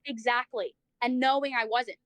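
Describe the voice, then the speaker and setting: A woman's voice: fairly high pitch, fairly even intonation, normal speed, fairly bright tone, no room sound. A woman livestreamer telling a personal story in casual chat, saying "like" a lot, swearing freely and acting out the people she quotes.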